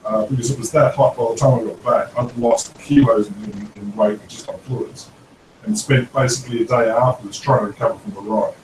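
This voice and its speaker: Man, halting chatty delivery, roomy distant sound with faint hiss. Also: mid-range voice, steady tone, darkish tone. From Australia. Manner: hesitant, many fillers. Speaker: panel guest. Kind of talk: casual live-stream chat.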